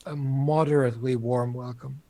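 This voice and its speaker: A man speaks in character at a tabletop game, formal and measured. His voice sits in a middle register with a flat, even delivery. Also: medium pitch. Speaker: player. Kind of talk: in-character role-play.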